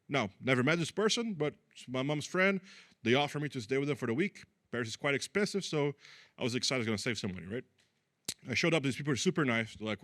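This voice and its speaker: Fast and expressive, this man from Brazil has a medium-pitched, slightly bright voice. In his chatty, self-deprecating stand-up comedy set, he acts out the people in his stories and their quoted voices. It's a dry, studio-quality recording.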